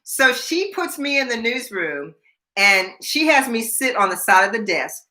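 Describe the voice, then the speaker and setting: An older woman hosting a relaxed chat show. Her voice is bright and forceful, and she tells her stories with animation, putting on the voices of the people she quotes and laughing along the way. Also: on the high side, measured pace. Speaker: host. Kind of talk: casual storytelling chat.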